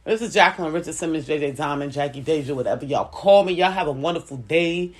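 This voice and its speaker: A woman's voice: low voice, fast talker. A middle-aged woman and business owner giving casual advice straight to camera, blunt and emphatic, coming back to her points again and again.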